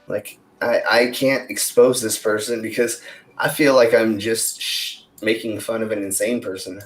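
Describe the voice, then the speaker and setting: A man co-hosting a casual podcast chat, rambling and filling pauses with ums and likes. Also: on the low side, steady tone. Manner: rambling, many fillers and restarts. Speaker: podcast co-host. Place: Denver, United States.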